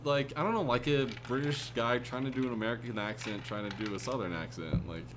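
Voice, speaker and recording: Talking a little fast in a mid-range voice, a man co-hosting a podcast shares his views on a movie in a casual review chat. He's rambling and hesitant, using lots of fillers, with slight background noise behind him.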